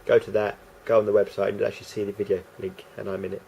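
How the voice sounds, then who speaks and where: A man's voice: on the low side, level tone, rapid-fire, vocal fry, dark tone, a little hiss or hum. A man rambling through a casual vlog monologue, hesitant and full of restarts and fillers. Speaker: vlogger.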